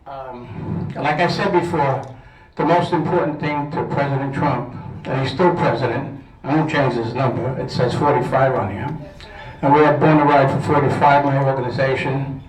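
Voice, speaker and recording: Recorded distantly in an echoing event hall, a man with a Brooklyn accent addresses a political social. His medium-pitched voice is steady and moderately paced as he rambles bluntly, breathless and frequently laughing.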